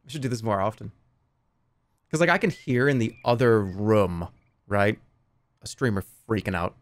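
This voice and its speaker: A man's voice: lowish voice, normal speed. A man hosting a livestream game contest, chatting casually and jokily with plenty of swearing and laughter. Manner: jokey, profane, laughs often.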